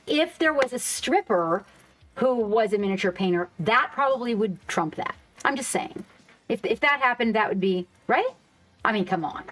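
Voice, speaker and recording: A woman's voice: on the high side, fairly bright tone. A woman hosting a casual live stream, chatting loosely with viewers, swearing freely and reacting to the chat.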